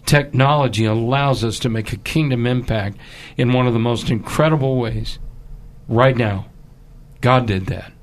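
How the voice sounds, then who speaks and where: A man telling an emotional story in halting bursts, then pleading urgently in a fundraising appeal. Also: medium pitch. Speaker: charity appeal guest.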